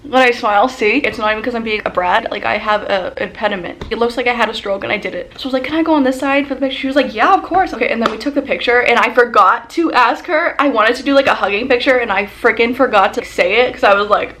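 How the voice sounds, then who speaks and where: A young woman vlogger telling a casual storytime as an excited fangirl, full of "like" and quoted dialogue. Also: a little high, fast talker, few pauses, slight background noise. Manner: excited fangirl gushing, lots of "like".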